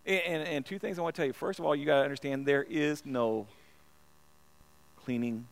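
A man's voice: on the high side, fairly even intonation, brisk, gravelly. A man preaching a sermon in a church, earnest and repeating himself, often stumbling and restarting his words. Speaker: pastor.

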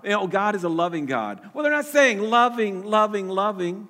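A man's voice: high-pitched, animated, normal speed, bright, forceful tone, long reverb tail. A man preaching a sermon as pastor, earnest, often repeating words and restarting his sentences.

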